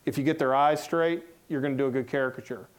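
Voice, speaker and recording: A man's voice: mid-range voice, fast talker. A middle-aged man with a Southern American accent, a cartoonist giving a casual talk in a lecture room, telling folksy, joking anecdotes. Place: lecture room before an audience.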